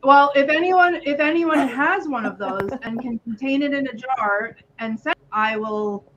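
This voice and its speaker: A woman's voice: high voice, unhurried, crowd noise. A woman co-hosting a casual chat, gushing and rambling with many "um"s. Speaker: podcast co-host. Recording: slightly muffled with faint noise.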